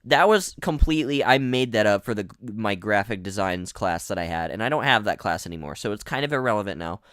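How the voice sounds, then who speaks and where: A man's voice: lowish voice, brisk, fairly bright tone, smooth, no room sound, studio quality. A young man rambling through casual gameplay commentary as a streamer, often restarting his sentences and reading out chat messages. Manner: rambling, chatty, many restarts. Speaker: gaming streamer.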